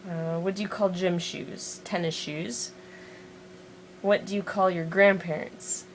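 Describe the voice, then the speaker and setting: A woman with a lowish voice and a Montana accent talks through an accent challenge on her vlog, reading words off a list and tossing in self-deprecating asides. She records on the small built-in mic of a handheld device, with a faint hiss underneath. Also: steady tone, unhurried, poor audio. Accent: American, Montana. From Montana, USA. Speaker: vlogger doing an accent challenge. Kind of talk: casual chat and reading a word list aloud. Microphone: built-in mic of a handheld music player.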